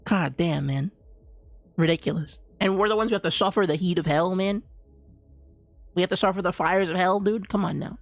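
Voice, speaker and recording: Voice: medium pitch, normal speed, pauses often, no echo. A streamer chatting casually during a live game, ranting with lots of restarts and slang. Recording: dry close mic with faint game music.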